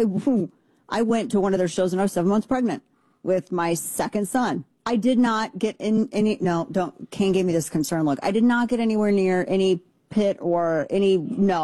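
Into a studio mic, with headphones on in her Texas home studio, a political commentary host rambles emphatically through casual opinions, dropping sarcastic asides. Her voice is on the low side and dark in tone, with no room sound.

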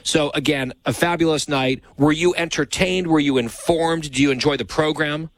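Host guy ribbing his producer, dry teasing tone, highish voice. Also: steady tone, moderate pace. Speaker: show host. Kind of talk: casual on-air banter.

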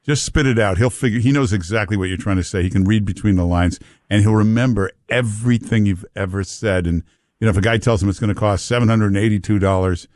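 A man's voice: fairly low pitch, darkish tone, no room sound, clean studio sound. A man hosting a call-in talk radio show, chatty and teasing, repeating himself for emphasis. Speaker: radio talk show host taking calls. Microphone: studio microphone.

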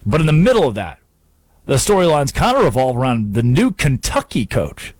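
A man's voice: medium pitch, big pitch swings, normal speed, a little mellow, husky, no echo. A man hosting a sports radio show, delivering an emphatic, sarcastic monologue at a studio microphone.

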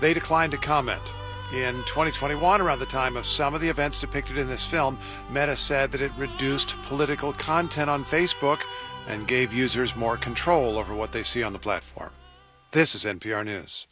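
A man reading news copy as an anchor in a steady, formal way. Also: mid-range voice, moderate pace. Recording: music bed under voice.

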